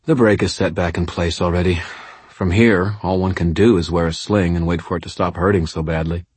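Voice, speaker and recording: A male narrator voicing a composed older woman with dry, wry wit and a calm delivery. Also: low-pitched, brisk, breathy edge, no echo.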